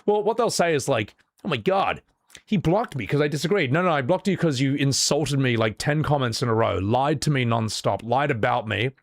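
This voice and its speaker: A livestreamer with a mid-range voice chats casually with viewers, recorded in clean studio sound with no echo. He's blunt and profane, venting exasperation and frequently restarting his sentences.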